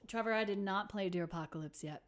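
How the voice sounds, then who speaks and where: A woman's voice: medium pitch, fast talker. A woman musician hosting a casual livestream, chatting with viewers in a self-deprecating way and laughing often. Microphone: computer or phone mic on a livestream.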